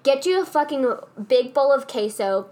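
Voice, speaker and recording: A woman with a high voice tells a story in a casual chat. She is animated and swears freely, and she often slips into impressions of other people. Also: normal speed.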